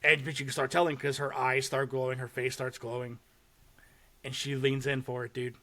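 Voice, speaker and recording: A young man hosting a podcast, casually and excitedly retelling a short horror film with swearing and laughter. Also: medium pitch, moderate pace. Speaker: podcast host. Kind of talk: casual chat.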